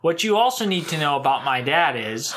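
A man on a casual podcast, telling a family story with lively acted-out voices. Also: fairly quick, a little hiss or hum. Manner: animated storyteller, acts out voices with big pitch jumps. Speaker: podcast co-host.

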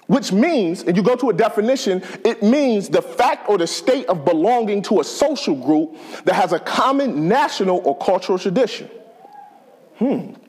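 A man preaching with a fairly high voice for a man, his tone bouncing up and down as he jokes and builds his points. He talks to the congregation like old friends, casual and lively. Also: normal speed, slightly rough. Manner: conversational, joking, animated preaching. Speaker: pastor. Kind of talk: sermon.

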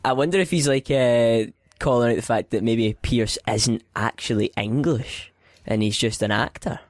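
A man co-hosts a casual podcast, thinking aloud and swearing now and then. His voice is mid-pitched and sounds dry and close. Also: normal speed, no room sound. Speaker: podcast co-host. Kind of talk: casual live-stream chat.

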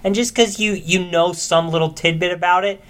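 A man's voice: sits high, steady tone, brisk, a bit bright. A man co-hosting a casual chat, ranting with plenty of swearing. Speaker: podcast co-host.

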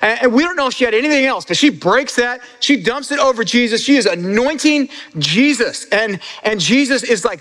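Male pastor, high-pitched, conversational sermon with restarts; reverberant hall. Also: animated, fairly quick, hardly any pauses, a bit bright. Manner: conversational, repeats words when building a point.

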